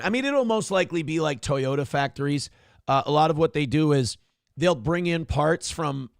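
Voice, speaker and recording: A man hosting a morning show, giving blunt, profane, animated commentary on the news. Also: fairly high pitch, no room sound, clean studio sound. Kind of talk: casual political commentary.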